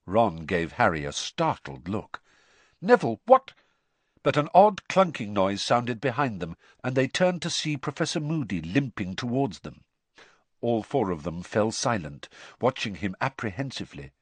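A man narrating an audiobook in an expressive, varied manner. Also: lowish voice, normal speed, husky, no echo.

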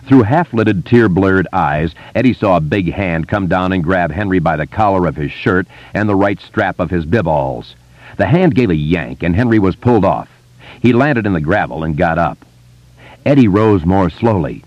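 A man narrating an audiobook in an expressive, dramatic manner. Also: deep voice, normal speed, no room sound. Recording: slightly muffled dry studio.

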